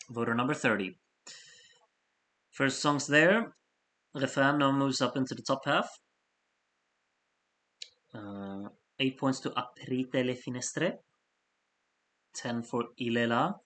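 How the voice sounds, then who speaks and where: A man hosting a live stream of fan votes, reading out scores in a chatty, apologetic way while he has the hiccups and keeps clearing his throat. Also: medium pitch, fairly bright tone. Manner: chatty, apologetic asides between score readouts. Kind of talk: casual live-stream commentary.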